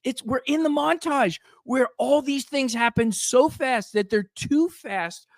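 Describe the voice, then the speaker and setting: A man's voice: very high voice, unhurried. A man on a panel chat who talks enthusiastically and heaps on praise. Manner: enthusiastic, effusive.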